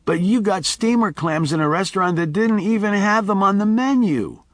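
A man's voice: high-pitched, animated, normal speed, fairly bright tone, dry recording, pitched above the performer's own voice. A man voicing a middle-aged son who whines and sobs like a ten-year-old boy. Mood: petulant. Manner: petulant, sobbing.

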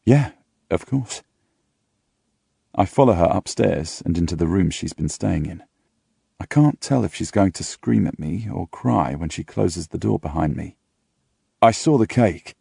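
A man reading a first-person novel aloud in a steady, intimate storytelling manner. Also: low-pitched, normal speed, vocal fry, husky, no room sound, studio quality. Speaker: audiobook reader.

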